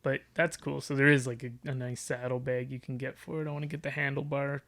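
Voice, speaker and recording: A man's voice: mid-range voice, little pitch movement, quick pace, a bit bright. A young man chatting as a guest, rambling with lots of "like" fillers. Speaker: podcast guest. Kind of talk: casual chat.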